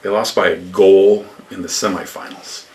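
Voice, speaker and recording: An older man from upstate New York, a former lacrosse coach, telling rambling stories in an interview with lively acted quotes. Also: sits low, normal speed, distant mic, a little hiss or hum. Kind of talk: storytelling interview.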